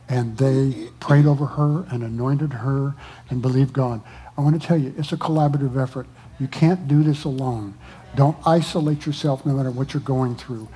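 A pastor speaking to his congregation, exhorting people not to go through hard times alone and pausing often with fillers. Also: medium pitch, mellow, husky. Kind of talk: testimony to a church congregation.

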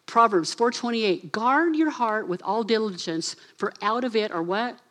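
Animated woman preaching a sermon. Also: fairly high pitch, moderate pace. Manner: animated, acts out voices, addresses assistant for slides. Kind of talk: lively sermon.

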